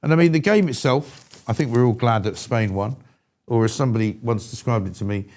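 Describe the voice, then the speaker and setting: A man's voice: mid-range voice, brisk, a little mellow. Blunt man ranting on a talk show. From England. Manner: blunt, irascible, exasperated rants. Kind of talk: opinionated live show chat.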